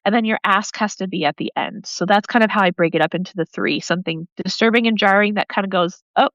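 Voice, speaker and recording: A woman with an East Coast accent, a guest coach giving quick, animated advice in a casual interview. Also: medium pitch, dry recording, lo-fi sound. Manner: energetic, animated hand-talker, gives advice in quick bursts. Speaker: podcast guest, networking coach.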